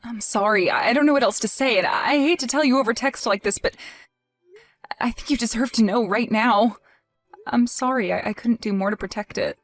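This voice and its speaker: A woman's voice: on the high side, fairly quick, faint music behind, lightly acted. A woman playing a grieving, indignant young wife in a voiced text-message drama, emotional and accusing.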